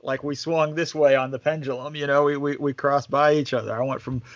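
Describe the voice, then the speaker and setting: A man's voice: on the high side, a little fast, dry recording. Chatty man on a dull dry line. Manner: relaxed, chatty, lots of fillers. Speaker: basketball staff guest. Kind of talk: casual storytelling.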